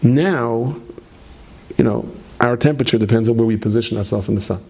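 A man gives a storytelling sermon in a dark, gravelly voice with a husky grain. He stumbles over repeated words and slips in dry humorous asides. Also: mid-range voice, a little fast. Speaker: speaker giving a religious talk. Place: stage with plexiglass screen.

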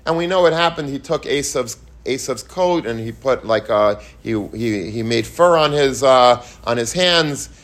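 A man's voice: mid-range voice, lively intonation, moderate pace, few pauses, a bit bright. A man teaching the weekly Torah portion, earnest and repetitive, asking rhetorical questions and mixing in Hebrew and Yiddish terms. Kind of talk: Torah lecture.

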